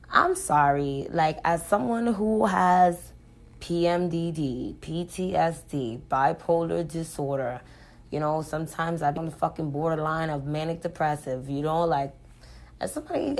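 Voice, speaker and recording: A woman's voice: low voice, vocal fry, darkish tone. A woman speaking straight to the camera in an unscripted, blunt monologue, swearing freely as she rants. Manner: blunt, profane, ranting. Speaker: vlogger.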